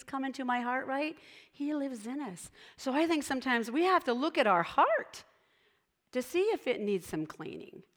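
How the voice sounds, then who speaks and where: A woman leading a children's sermon, gently asking the children questions and talking to them directly. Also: high voice. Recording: long hall reverb.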